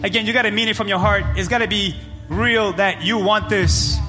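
A man preaching as pastor, moving between shouted, rising climaxes and quieter prayer passages. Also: high-pitched, fairly even intonation, moderate pace. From Cape Verde. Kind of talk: sermon. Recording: live church hall with music and congregation.

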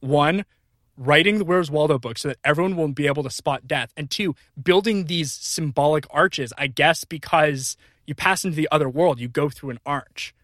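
Bright, excitable comedy podcast man. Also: fairly high pitch, normal speed, dry recording, clean studio sound. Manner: excitable, laughing, rambling. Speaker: podcast co-host.

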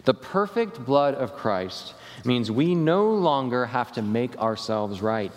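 A man preaching a Sunday sermon as pastor, slowing down and dropping his voice at the ends of key phrases. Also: mid-range voice, lively intonation. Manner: preaching with falling endings and slowed emphatic phrases. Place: church sanctuary. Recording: long reverb of a church hall.

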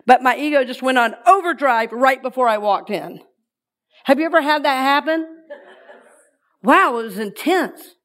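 A woman minister giving a sermon to her congregation, lively and playful, inviting listeners to repeat her lines. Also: sits high, normal speed.

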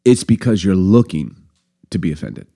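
A fairly low-pitched man chatting on a podcast, lively and joking. He laughs easily and keeps the talk light while making his point. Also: creaky. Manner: animated, joking, quick to laugh. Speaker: podcast co-host. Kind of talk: casual podcast chat.

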